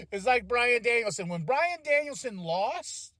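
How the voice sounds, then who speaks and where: A man hosting a podcast, reviewing a wrestling show in an excitable, profane, casual way and acting out voices. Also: very high voice, unhurried, no room sound, clean studio sound. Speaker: podcast host.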